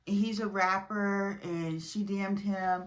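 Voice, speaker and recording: A woman's voice: mid-range voice, takes it slowly. Chatty, opinionated woman recapping a show. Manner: chatty, opinionated, animated when indignant, many fillers. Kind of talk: casual recap commentary.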